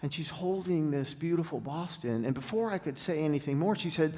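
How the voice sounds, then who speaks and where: A middle-aged man giving an inspirational talk as a guest speaker, telling stories with dramatic pauses and slowing down for emphasis. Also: fairly high pitch, a little mellow. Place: large spiritual center hall. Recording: long hall reverb.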